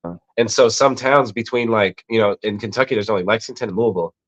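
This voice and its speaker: A man's voice: lowish voice, quick pace, faint music behind. A man talking casually on a podcast as a guest, telling laid-back stories full of swearing. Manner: laid-back, profane storytelling. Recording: dull lo-fi mic.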